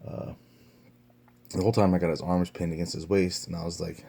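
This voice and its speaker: A young man with a low, husky voice tells a story on his vlog. His tone is dark and mellow, and he speaks in a loose, profane ramble full of "um"s and false starts. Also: flat delivery, fairly quick, long pauses. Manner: profane, rambling telling full of fillers and restarts. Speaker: vlogger.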